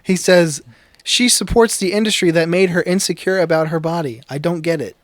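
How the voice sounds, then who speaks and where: A man's voice: a little high, a little fast, dry recording. A young man co-hosting a casual podcast, reading listener comments aloud in a dry manner.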